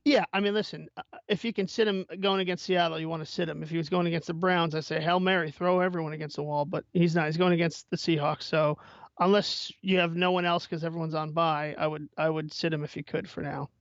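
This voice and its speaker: A man's voice: a little high, steady tone, brisk, gravelly, no room sound, highs cut off. A man co-hosting a fantasy football show in loose, chatty casual sports talk. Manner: loose, chatty, filler-heavy.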